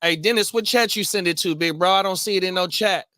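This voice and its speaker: A man's voice: high-pitched, fast, background noise. A young man co-hosting a podcast, chatting casually about sports with laid-back slang. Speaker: podcast co-host.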